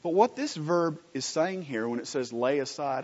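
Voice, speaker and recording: A pastor preaching a sermon in a conversational teaching manner, asking the congregation rhetorical questions and swinging between emphatic and quiet phrases. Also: male voice, a little high, expressive, moderate pace. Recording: dull lo-fi recording with long hall reverb.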